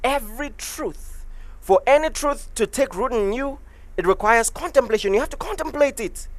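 Pastor, sermon, emphatic repetition, very animated pitch, dry close sound. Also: a little fast, dry recording. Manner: emphatic, repeats key phrases for stress.

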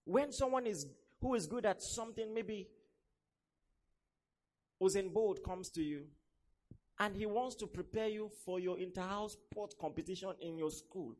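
Young guy preaching, high voice, acts out all the people in his stories. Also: measured pace. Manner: animated storytelling, acts out quoted voices. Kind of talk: sermon.

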